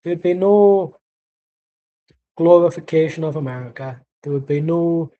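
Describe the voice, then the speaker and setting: A man's voice: on the high side, steady tone, moderate pace, dark tone, low-quality recording. A man streaming a football watchalong who rants angrily and sarcastically while reacting live to the match. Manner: angry, sweary, sarcastic. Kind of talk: live match commentary and rant.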